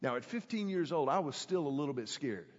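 A middle-aged man, preaching a sermon as a pastor, telling a story emphatically and stretching key words slowly for drama. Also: on the high side, lively intonation. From Houston, Texas. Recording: echoey hall, dull sound.

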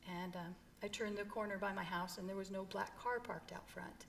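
Gravelly-voiced woman sharing a testimony. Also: mid-range voice, fairly even intonation, moderate pace, a little hiss or hum. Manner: earnest, emotional storytelling. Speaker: guest. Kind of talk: personal testimony in an interview.

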